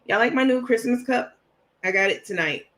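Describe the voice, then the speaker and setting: A woman's voice: on the high side, expressive, normal speed, a bit bright. A woman hosting a casual livestream, chatty and laughing often, greeting viewers by name. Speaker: livestream host.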